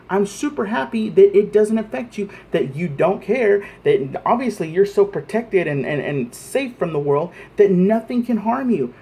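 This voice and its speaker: A man's voice: high voice, darkish tone. An American man angrily ranting to camera in a vlog, heated and profane, often stumbling over repeated words. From United States. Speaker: vlogger. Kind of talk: angry political rant.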